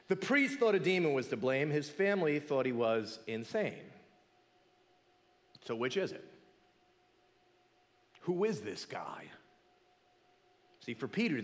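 A man preaching a sermon, his voice pitched a little high and swinging widely as he fires off rhetorical questions. He drops to a hush to land a point. The sound carries a long reverb from a large hall. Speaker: pastor.

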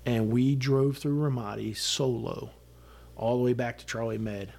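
A man's voice: mid-range voice, steady tone, a little slow, gravelly, a little mellow. A middle-aged man, a retired Army sergeant major, recounting a combat story as a podcast guest in blunt, vivid words with frequent fillers and swearing.

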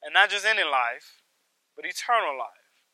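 Guy preaching, dry close sound, piles up phrases, goes loud then real quiet. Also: on the high side, lively intonation, normal speed, dry recording, low-quality recording. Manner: emphatic, builds with repeated phrases, swings from loud to hushed. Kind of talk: sermon.

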